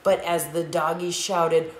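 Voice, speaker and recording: A woman hosting a live storytime, reading a picture book aloud to children as a playful, animated storyteller. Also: lowish voice, measured pace. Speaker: storytime host and mother. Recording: echoey room with faint hiss.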